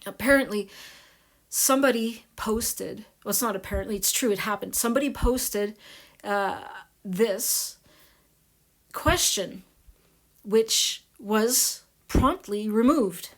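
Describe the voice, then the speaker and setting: A woman with a medium-pitched voice hosts her own video channel, chatting casually with her viewers. Her voice is so soft that they liken it to ASMR, and her speech is full of pauses and fillers.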